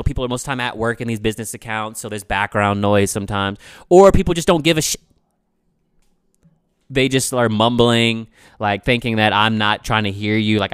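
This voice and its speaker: A man talks through his solo podcast in a loose, rambling way, leaning on "you know" and jumping from loud outbursts to hushed asides. His voice is smooth and resonant, and it sits dry and close with no room around it. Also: mid-range voice, no echo. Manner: loose, rambling, frequent "you know what I'm saying"; swings between loud bursts and quiet asides. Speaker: podcast host. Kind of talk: casual solo podcast chat.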